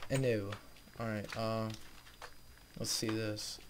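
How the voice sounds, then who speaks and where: A man's voice: medium pitch, measured pace, long pauses. A young man hosting a let's play, casually commenting on his game and talking to his viewers, easily frustrated but upbeat. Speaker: gaming video host.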